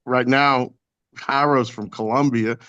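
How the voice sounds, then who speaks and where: A man with a thick Kentucky accent, a guest drummer chatting casually on a podcast, animated and quick to laugh and swear. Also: mid-range voice, clean tone, dry recording, dull audio.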